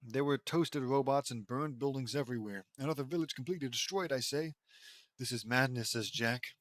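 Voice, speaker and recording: A man's voice: mid-range voice, fairly quick, fairly bright tone, no room sound. A man reading a fan fiction story aloud, stumbling over lines and breaking off to mock the writing. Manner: stumbling, sarcastic asides, laughs at the text. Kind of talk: mocking dramatic reading with commentary.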